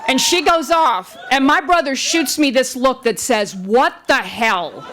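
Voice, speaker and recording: A woman performing a comic personal story on stage, wry and animated. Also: high voice, unhurried, a little hiss or hum.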